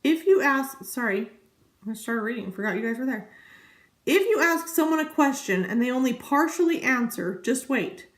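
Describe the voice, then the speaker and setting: A woman's voice: high voice, very animated, normal speed. A woman in her thirties chatting casually to camera as a vlogger, rambling and easily sidetracked. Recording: echoey room.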